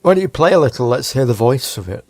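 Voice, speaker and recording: A man's voice: mid-range voice, sing-song, fast, darkish tone. A man making dry, wry remarks in casual chat on a stream.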